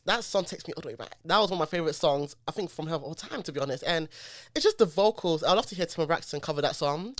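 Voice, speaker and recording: A man in his twenties hosting a casual music podcast, animated and quick to burst into laughter and sung snippets. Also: a little high. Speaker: podcast host.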